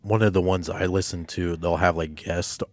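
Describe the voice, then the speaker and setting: A man with a deep, low voice that sounds stuffy from allergies co-hosts a podcast. He answers in short, laid-back remarks. His voice is close and dry on a studio microphone. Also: flat delivery, moderate pace, no room sound. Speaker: podcast co-host. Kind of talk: casual podcast chat.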